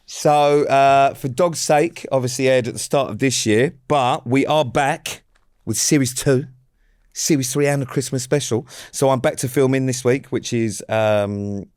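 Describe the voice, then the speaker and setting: Man, podcast co-host, deadpan teasing, dry studio sound, mid pitch. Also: unhurried, smooth, dry recording. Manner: deadpan, teasing, steers the chat. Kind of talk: casual banter.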